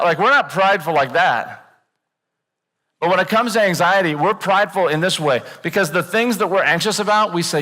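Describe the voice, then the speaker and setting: A man preaching a sermon in a church, animated and joking, acting out worried voices. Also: sits high, a little fast, long reverb tail. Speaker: pastor. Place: church auditorium.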